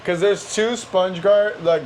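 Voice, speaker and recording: A man in a casual podcast chat, playful and quick to laugh. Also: high-pitched, a little hiss or hum, low-quality recording. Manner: playful, laughs often, animated.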